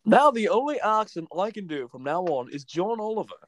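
High, lively-voiced joking man. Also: no echo. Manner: joking, quick to riff. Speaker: podcast co-host, voice impressionist. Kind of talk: casual comedy chat.

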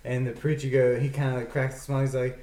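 A man's voice: medium pitch, level tone, fast talker, dark tone. Guy rambling through a joke, echoey room, far from the mic. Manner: rambling, many fillers. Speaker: joke teller. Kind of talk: telling a joke to a group. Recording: roomy, far from mic, faint ambience.

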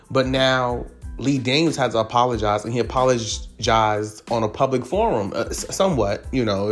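A man giving casual celebrity gossip commentary, animated and profane, leaping up in pitch for emphasis. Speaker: commentary vlogger.

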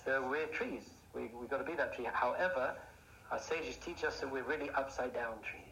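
A man giving a lively Torah class, asking rhetorical questions and building up to excited outbursts. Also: mid-range voice, normal speed, vocal fry. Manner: animated, rhetorical questions, bursts into excited shouting. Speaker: Jewish teacher. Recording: echoey room, faint noise.

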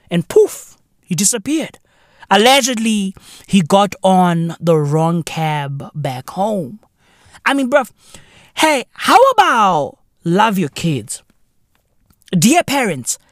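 A man's voice: high-pitched, no echo, clean studio sound. A man hosting a podcast, delivering a profane, heavily slangy ranting monologue. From South Africa. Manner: profane, animated, heavy slang fillers. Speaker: podcast host.

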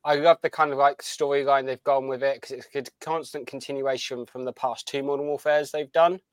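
A man's voice: mid-range voice, steady tone, a little fast, dry recording. Young guy on a podcast, rambles a lot and restarts, dead dry mic. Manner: rambling, enthusiastic, with many restarts. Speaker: podcast co-host. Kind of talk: casual chat.

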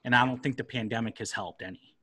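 Profane ranting podcast host. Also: male voice, medium pitch, fast, pushed and bright, husky. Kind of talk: casual podcast chat. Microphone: laptop mic.

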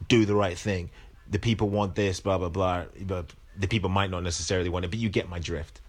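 A man with a lowish voice chatting casually on a podcast. He stumbles and repeats words as he gathers his thoughts, and laughs often between points. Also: fairly even intonation, quick pace. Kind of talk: casual chat.

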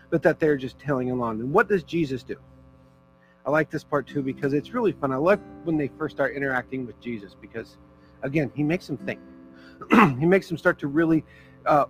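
A man's voice: a little high, rough recording. A man preaching a sermon as pastor, in a casual, conversational way with fillers and small jokes.

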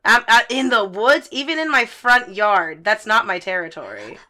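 A woman's voice: medium pitch, moderate pace. A young woman co-hosting a podcast, telling stories in loose, profane casual chat. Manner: profane, storytelling, animated. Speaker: podcast co-host.

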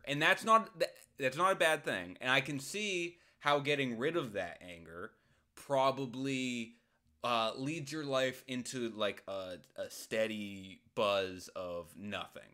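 Man, podcast host, bright forceful voice, jokey, rambling, loud outbursts. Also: mid-range voice. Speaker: podcast host answering listener questions. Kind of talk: casual solo podcast advice.

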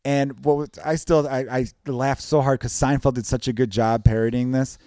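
A man chatting on a podcast with easy, joking energy and plenty of laughter. His voice sits at a middle pitch, recorded close and dry with no room sound. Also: smooth, dry recording. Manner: animated, jokey, quick to laugh. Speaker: podcast co-host. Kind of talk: casual chat.

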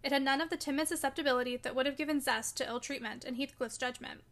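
A woman reading a classic novel aloud in a measured, clear and expressive storybook narration. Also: high voice. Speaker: audiobook reader.

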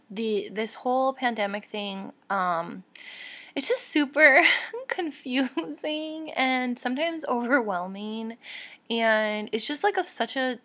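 A young adult woman hosting her own podcast, talking candidly and warmly to listeners with soft laughs and fillers. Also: a little high. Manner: heartfelt and encouraging toward listeners. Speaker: podcast host. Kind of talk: casual solo podcast talk.

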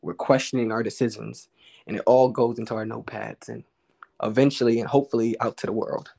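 A man, a guest poet, telling a story in a relaxed, candid way with slang and the odd swear word. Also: medium pitch, a little fast, creaky, husky. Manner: relaxed, candid, uses street slang and profanity. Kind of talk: casual conversational storytelling.

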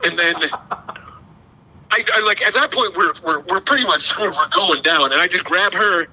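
A man's voice: high-pitched, normal speed, sharp tone, low-quality recording. A middle-aged man, telling a long, rambling, self-deprecating story in casual podcast chat. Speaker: podcast co-host.

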